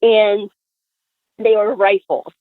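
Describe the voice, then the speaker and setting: A woman guest telling a story in an animated, chatty way, full of fillers and acted-out quotes, heard over a tinny phone line. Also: mid-range voice, takes it slowly, no echo. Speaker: podcast guest.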